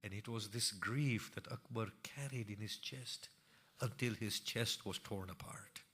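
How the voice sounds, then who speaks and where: A male preacher delivers a mournful sermon at an unhurried, measured pace. His voice is forceful and pressed, moving between hushed grief and impassioned, rising cries. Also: fairly low pitch, slightly rough. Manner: grieving recital that swells from hushed to impassioned cries.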